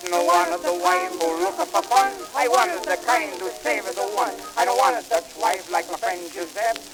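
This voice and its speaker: A man singing as a boastful Italian immigrant in a put-on mock Italian accent, with rapid broken-English patter in a 1920s comic novelty song. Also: extremely high pitch, full character voice, poor audio.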